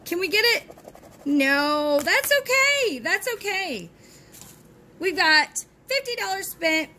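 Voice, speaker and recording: A high, bright woman's voice with plenty of swing in the pitch, talking in a chatty, cheerful way to her viewers. She hosts a lottery scratch-off channel from home and keeps cheering each ticket on. A faint hum sits behind her. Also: very animated, slow pace. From Texas. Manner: chatty and cheerful, chanting encouragement to herself. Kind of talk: casual chat to viewers while scratching tickets. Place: at home, with dogs nearby.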